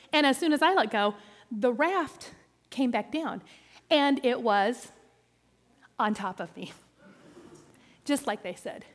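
A woman telling an animated, playful story to an audience, with quick jumps into the voices of people in it. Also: sits high. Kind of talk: lively storytelling talk. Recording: long hall reverb.

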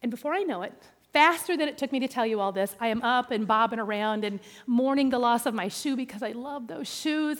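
High-voiced woman telling a lively story. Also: fairly quick. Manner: animated and playful, jumps into quoted voices. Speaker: speaker telling a story to an audience. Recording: long hall reverb.

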